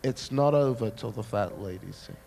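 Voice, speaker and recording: A man preaching a sermon, telling a personal story with dramatic, animated delivery. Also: lowish voice, moderate pace, vocal fry, noisy background.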